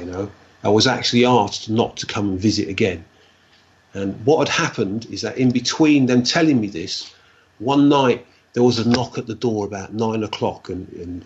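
A man, a guest recounting a personal story in a halting way, repeating words and adding "like, you know". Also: lowish voice, breathy edge, lo-fi sound.

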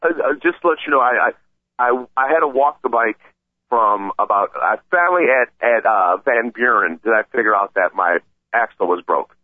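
A man telling a story in a casual chat, excited and rambling, often stammering and restarting. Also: medium pitch, moderate pace, dry recording. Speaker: podcast regular telling a story. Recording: tinny phone-like sound.

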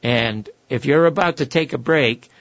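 An older man, a guest, telling long anecdotes and acting out the quoted voices, with a gravelly, husky voice. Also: medium pitch, normal speed, no echo, lo-fi sound. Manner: animated storyteller who acts out quoted voices. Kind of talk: anecdotal storytelling.

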